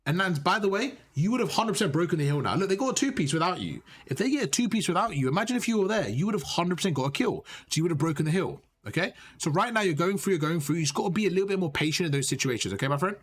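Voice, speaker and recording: Fast-talking man coaching gameplay. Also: high voice, husky. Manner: animated, direct, repeats points, calls listener bro. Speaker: gaming coach. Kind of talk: coaching review of gameplay footage.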